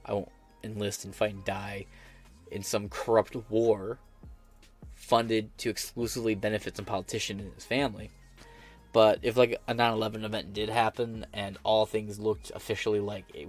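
An American man hosting a podcast, giving blunt, profane and sarcastic political commentary while reading headlines aloud. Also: lowish voice. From United States. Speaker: podcast host.

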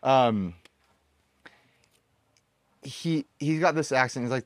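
A man's voice: medium pitch, moderate pace, pauses often, no echo, studio quality. A man hosting a casual chat outdoors, telling stories and laughing often. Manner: laughs often, animated storytelling. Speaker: podcast host. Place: outdoors on a tropical island.

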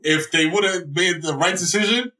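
A man from the Bronx, a podcast guest, telling stories in an excitable, profane way and shouting out the quotes he acts. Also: sits high, moderate pace, roomy sound, recorded from a distance. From the Bronx, New York. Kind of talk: animated casual storytelling.

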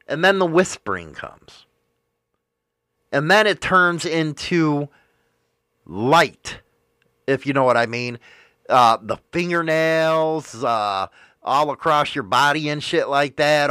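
Male host, crude and profane rambling storyteller, bright voice, slow delivery. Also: fairly high pitch, clear, resonant tone, no echo, studio quality. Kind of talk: casual storytelling.

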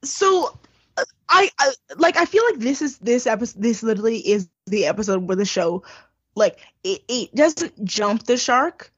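A woman co-hosting a casual recap chat, chatty and full of quick asides. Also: lively intonation, husky. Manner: chatty, quick asides, mimics people in high voices. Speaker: podcast co-host. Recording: dull lo-fi audio.

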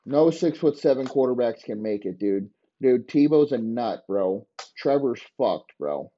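A man's voice: medium pitch, animated, a little slow, muffled recording. A man hosting a podcast, ranting in a crude, mocking, rambling way. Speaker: podcast host. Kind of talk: crude comedic rant.

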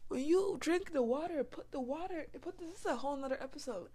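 A woman hosting a podcast into a microphone, giving a casual spiritual pep talk that swings between hushed whispers and loud, excited bursts, swearing freely. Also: high-pitched, fast talker. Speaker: podcast host.

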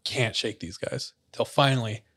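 A young man tells a story to a friend in relaxed podcast chat. He acts out what other people said and laughs along as he goes. His voice sits at an ordinary pitch for a man. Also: moderate pace, slightly rough. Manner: animated storyteller, acts out quotes, laughs often.

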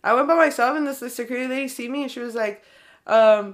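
A woman's voice: a little high, racing. A young woman from California with a Californian accent, chatting casually and rambling with lots of "like" as she tells stories. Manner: rambling, heavy use of "like", animated storytelling. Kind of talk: casual chat.

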